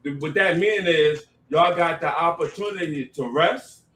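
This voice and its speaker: A man's voice: on the high side, a little slow, a bit bright. A man arguing heatedly in a sports debate, cursing and repeating himself over the others. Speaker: debate panelist. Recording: echoey, distant room mic with faint noise.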